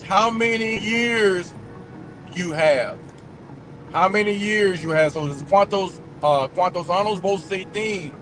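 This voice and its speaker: Slow-talking high-voiced man in his forties. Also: over music. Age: 40s. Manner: thinks aloud, slangy, mutters and sounds words out slowly. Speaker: vlogger. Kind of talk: casual chat while practicing languages.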